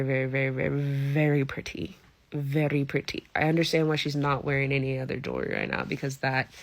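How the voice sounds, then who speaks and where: A woman chatting casually as a commentator, gushing and sometimes dropping into soft whispers. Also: low voice. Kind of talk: casual chat.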